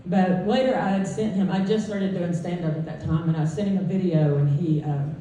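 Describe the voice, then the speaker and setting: A woman performing stand-up on a club stage, telling stories with deadpan punchlines. Her voice is low and mellow. The sound is very echoey and picked up from a distance. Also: brisk, a little hiss or hum. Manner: conversational storytelling, deadpan punchlines. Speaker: stand-up comedian. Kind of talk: stand-up comedy set. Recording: echoey club heard from far off. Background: audience laughter.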